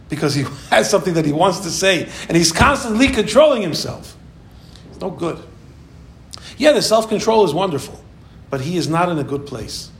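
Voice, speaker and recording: A man giving a Torah class lecture, telling stories with lively acted-out quotes. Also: sits high. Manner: animated storytelling, acts out quoted voices. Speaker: Torah teacher. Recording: echoey room with faint background noise.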